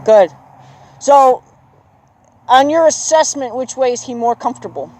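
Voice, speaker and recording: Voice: high-pitched, unhurried, a little mellow, rough recording. Encouraging horse trainer coaching outdoors. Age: adult with children. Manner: encouraging, praises the horse often. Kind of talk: coaching a riding lesson. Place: outdoor arena.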